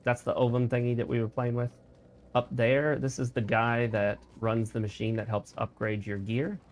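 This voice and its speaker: A male gaming streamer talks through his play session in a loose, chatty way. He explains mechanics and offers opinions at a medium pitch into a desk mic. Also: level tone, normal speed. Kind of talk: casual let's-play commentary.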